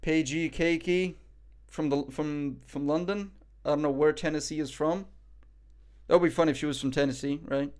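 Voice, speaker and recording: A man's voice: on the high side, fairly even intonation, normal speed, a little mellow. A man streaming live, reacting in casual chat; cocky, joking, profane and rambling.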